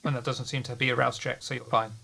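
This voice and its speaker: A game master narrating a tabletop horror game in slow, dramatic descriptions with casual swearing. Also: medium pitch, level tone, creaky, bright, forceful tone.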